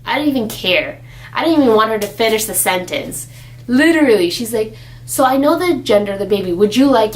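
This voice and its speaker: A young woman vlogging about her pregnancy in a chatty, animated way, acting out the people she quotes. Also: fairly high pitch, fast talker, rough recording. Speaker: expectant mother vlogger. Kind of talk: casual chat.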